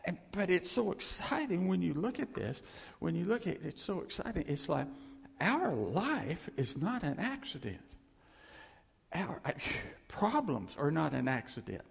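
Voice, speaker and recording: A man preaching an informal sermon, animated and self-deprecating, with rambling asides. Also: fairly high pitch, a little slow, creaky, breathy edge, big-room sound.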